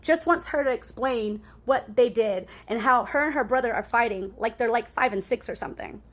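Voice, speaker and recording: A woman's voice: on the high side, normal speed. A woman in a casual storytime monologue, rambling and cussing as she talks to her viewers and keeps asking "right?".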